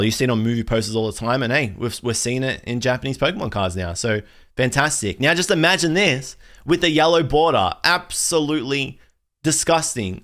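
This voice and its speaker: A man's voice: mid-range voice, fairly bright tone. A young man hosting a casual pack-opening video, ranting in an exasperated, rambling way with frequent restarts. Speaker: card collector video host.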